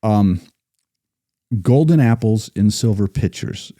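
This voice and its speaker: Podcast guest, male battlefield guide; emphatic, builds force when reciting; dark voice, dry sound. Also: lowish voice, expressive, slow pace, dry recording. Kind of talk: casual podcast discussion.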